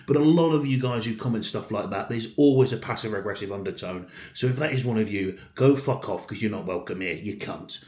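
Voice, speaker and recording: Blunt sweary bodybuilder vlogging. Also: male voice, on the low side, a little fast, hardly any pauses, darkish tone. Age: around 30. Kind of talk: casual vlog talk to camera. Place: home, indoors. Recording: echoey room.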